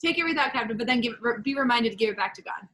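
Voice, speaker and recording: A woman hosting a casual faith chat, animated and storytelling, with quoted asides and frequent laughs. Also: a little high, rapid-fire, poor audio. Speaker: podcast host.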